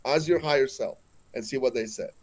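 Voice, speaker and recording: A man's voice: medium pitch, brisk. A man in his forties from Mexico with a Mexican accent, telling spiritual stories as a guest in an earnest, emphatic way, often restarting his phrases. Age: 40s.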